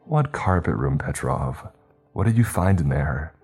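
A man's voice: extremely low pitch, lively intonation, unhurried, darkish tone, breathy edge, soft background music, heavily acted. A man voicing a wary young woman who answers defensively and firmly, reading the story aloud. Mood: guarded. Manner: defensive, guarded replies. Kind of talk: storytelling narration.

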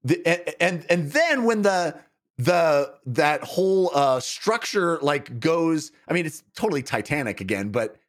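A middle-aged man co-hosting a film podcast, talking in an animated, gushing way and trailing off mid-sentence. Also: on the high side, a little slow. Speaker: podcast co-host. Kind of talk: casual film review chat.

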